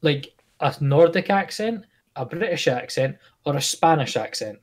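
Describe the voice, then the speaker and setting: Scottish guy rambling on a podcast, bit high voice, lots of um and like. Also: animated, moderate pace. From Scotland. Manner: rambling, lots of fillers and restarts. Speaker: podcast co-host. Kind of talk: casual chat.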